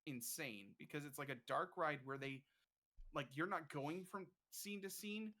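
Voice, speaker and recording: A man's voice: fairly high pitch, a little slow, bright, forceful tone. Man explaining theme park rides. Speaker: streamer guest. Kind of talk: casual chat.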